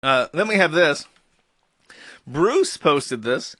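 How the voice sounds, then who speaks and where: A man's voice: a little high, animated, takes it slowly, sharp tone, no echo. A man hosting a live stream, ranting with sarcastic, profane commentary. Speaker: streamer host.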